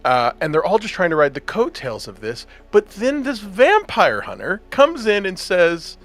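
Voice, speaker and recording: A man's voice: sits high, huge pitch swings, moderate pace, few pauses, a bit bright, faint music behind. A man hosting a podcast in casual chat, enthusiastic and laughing often as he talks. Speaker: podcast host.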